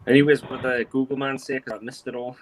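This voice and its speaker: A man's voice: mid-range voice, flat delivery, fast, a little hiss or hum, rough recording. Laid-back man hosting a livestream. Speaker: livestream host. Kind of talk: casual banter on a group video call.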